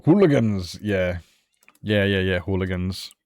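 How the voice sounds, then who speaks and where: A man's voice: fairly low pitch, moderate pace, no room sound. A man with an Australian accent chatting casually with viewers while playing a game, rambling, often laughing and restarting his sentences. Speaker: streamer.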